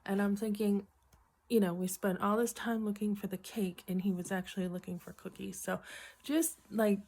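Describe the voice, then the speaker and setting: A middle-aged woman casually telling a funny story from her job, chatty and animated, acting out what people said and often clearing her throat. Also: mid-range voice, moderate pace. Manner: chatty, animated retelling with acted quotes. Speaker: vlogger.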